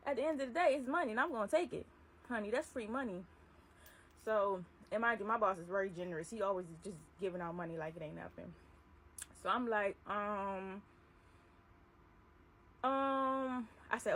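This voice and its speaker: A young adult woman vlogger telling a personal story casually, acting out the dialogue in an animated way. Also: medium pitch, a little fast. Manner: animated retelling, acts out dialogue. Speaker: vlogger, delivery driver.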